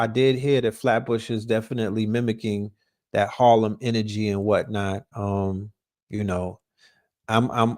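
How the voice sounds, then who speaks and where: A man from Brooklyn with a New York accent, hosting a podcast and telling stories in a casual, profane, animated way, often restarting his words. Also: mid-range voice, dry recording, studio quality. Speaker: podcast host. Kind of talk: casual storytelling.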